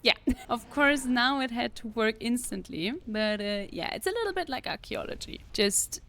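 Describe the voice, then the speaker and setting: Young woman host, a touch higher voice, relaxed playful game commentary with light laughs. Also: normal speed. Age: young adult. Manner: chatty, playful, laughs often. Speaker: gaming video creator. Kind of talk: casual gameplay commentary.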